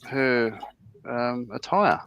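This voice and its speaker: A man's voice: mid-range voice, extremely slow, gravelly, fairly bright tone, muffled recording, slight background noise. A man on a casual model-building livestream who talks through his build steps and pokes fun at his own mistakes. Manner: self-deprecating, explains his build steps. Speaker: co-host building a model kit.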